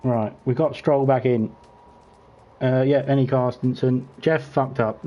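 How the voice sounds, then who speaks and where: A man's voice: medium pitch, a little slow, lo-fi sound. A British man hosting an online racing league, chatting and teasing the drivers while he commentates from a home gaming setup. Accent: British English. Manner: chatty, teasing, lively when racing action picks up. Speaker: league race host and commentator. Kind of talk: casual sim-racing stream commentary.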